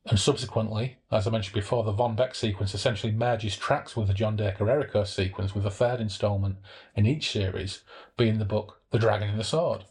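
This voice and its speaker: Man, podcast host, relaxed chatty summary, reads passages aloud, fairly low voice. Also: brisk, breathy edge. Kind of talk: book discussion with read-aloud passages.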